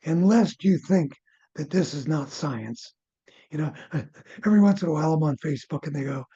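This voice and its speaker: An older man, a former physician, recounts case stories as an interview guest. His voice is mellow and a bit husky. He gets animated and then drops into soft, low asides. The audio is muffled and lo-fi. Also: normal speed. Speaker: near-death researcher and former physician.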